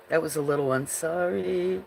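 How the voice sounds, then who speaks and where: A woman's voice: on the low side, gravelly, a little mellow, slight background noise. A woman hosting a casual livestream, chatting with viewers in a rambling way and often breaking into giggles. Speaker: livestream host.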